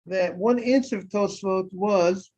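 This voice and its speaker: A man's voice: high-pitched, unhurried, darkish tone. A man, a rabbi, teaching an informal Talmud class, often repeating words and asking his students questions that he then answers himself. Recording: dull lo-fi recording.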